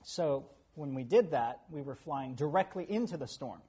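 A man preaching a sermon who tells animated stories with chuckles and asides. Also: a little high, moderate pace, husky. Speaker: pastor.

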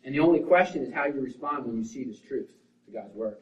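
A man preaching a sermon as pastor, swinging between forceful, loud lines and hushed, quiet ones. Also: mid-range voice, lively intonation, fast talker. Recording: roomy, distant, dull sound.

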